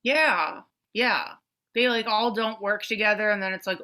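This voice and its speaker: Bright-voiced woman, animated chatter. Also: moderate pace. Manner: animated, swearing, jumps between pitch levels. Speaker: podcast co-host. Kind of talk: casual chat.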